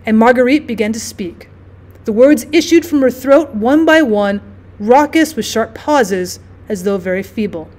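A woman teacher narrating a classic story in a measured, expressive storytelling way. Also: a little high. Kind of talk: audiobook narration.

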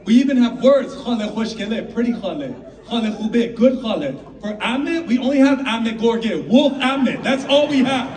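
A man doing a stand-up comedy set, animated and slipping into character voices. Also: very high-pitched, normal speed, few pauses, some chatter behind. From United States. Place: live comedy venue with audience. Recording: roomy live sound from a distant mic, audience noise.

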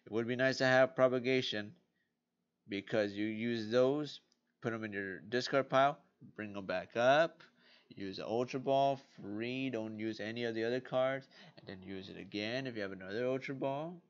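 A man's voice: medium pitch, normal speed, smooth. A sleepy man hosting a casual card game vlog late at night, rambling playfully and talking to himself as he browses. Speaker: card game video host. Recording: dull lo-fi recording.

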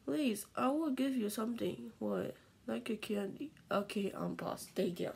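A woman vlogging in casual, excitable chatter, pleading and dropping into whispers. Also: mid-range voice, measured pace, gravelly, breathy edge, rough recording.

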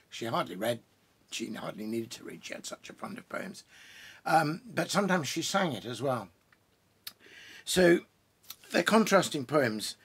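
A man with a gravelly, slightly husky voice talks casually from a home study full of bookshelves. He rambles as a poet introducing readings, breaking off, restarting and adding asides. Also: mid-range voice, a bit bright. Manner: pausing for pipe and drinks while talking. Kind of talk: casual chat introducing poems.

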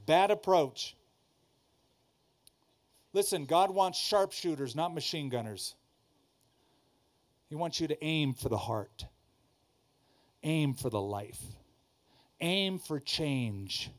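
A pastor preaching to a congregation, emphatic, repeating key lines and asking the audience questions. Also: male voice, on the high side, expressive, slow, long pauses. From Southern California. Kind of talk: sermon. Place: church before a congregation.

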